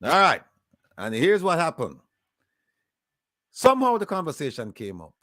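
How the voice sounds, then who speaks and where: A man's voice: on the high side, wildly swooping pitch, moderate pace, a bit bright, dry recording, studio quality. A man hosting a political commentary show, explaining events step by step, reading out news quotes and adding sarcastic asides. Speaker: host.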